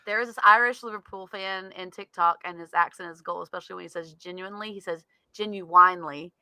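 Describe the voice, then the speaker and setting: A woman's voice: medium pitch, steady tone, fast talker, bright, forceful tone, clean tone. A woman co-hosting a podcast in casual chat, rambling with many fillers and laughing often. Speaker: podcast co-host.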